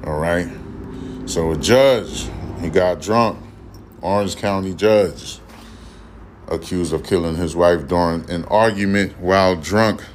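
Middle-aged male podcast host, very low voice, blunt profane rambling commentary. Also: takes it slowly, pauses often, slight background noise. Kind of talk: casual news commentary podcast.

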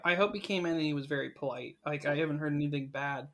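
Young co-host, casual chat, animated and emphatic, mid-pitched voice. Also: rapid-fire. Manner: animated, argues emphatically with big pitch jumps. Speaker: podcast co-host.

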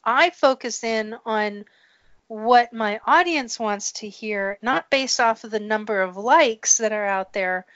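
As a podcast guest, this HR woman speaks slowly and earnestly, regularly voicing agreement during the interview. She sounds high-pitched and a bit bright, and the lo-fi recording is dry and muffled with no echo.

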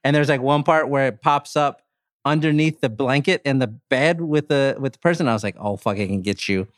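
A man co-hosting a podcast, chatting casually about horror movies, animated, swearing and laughing often. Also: mid-range voice, fairly quick, dry recording, studio quality. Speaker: podcast co-host. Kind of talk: casual chat.

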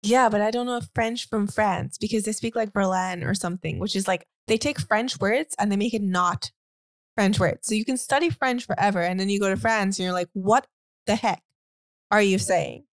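A woman's voice: medium pitch, a little fast, no echo. A woman co-hosting a casual podcast, joking and skeptical in a rambling way. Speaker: podcast co-host.

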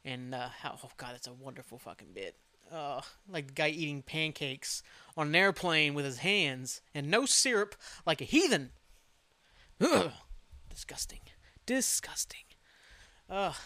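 A man talks through a solo podcast in a loose, rambling way, dropping curses and making jokes at his own expense. His voice is smooth and clear and sits a little high for a man. The sound is dry and close, with no room around it. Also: expressive, normal speed, sharp tone, no echo. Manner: rambling, profane, self-mocking. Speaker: podcast host. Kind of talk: solo casual podcast chat.

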